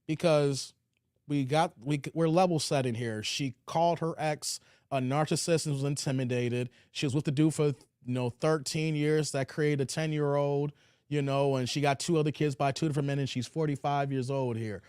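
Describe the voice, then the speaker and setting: A man's voice: on the high side, fairly even intonation, moderate pace, darkish tone, clear, resonant tone, dry recording, clean studio sound. A man hosting a livestream, reading viewer comments aloud and reacting in laid-back slang. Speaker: livestream host.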